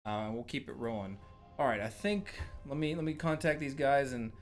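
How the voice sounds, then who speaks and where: A man's voice: medium pitch, moderate pace, faint music behind. A man hosting a livestream, talking in an easygoing, rambling way. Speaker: stream host. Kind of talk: casual livestream chat.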